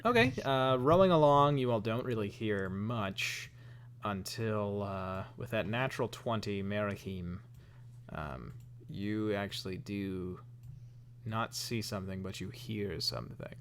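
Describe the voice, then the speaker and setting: A man narrating as game master, relaxed and self-deprecating, with lots of ums. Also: fairly low pitch, measured pace, a little hiss or hum.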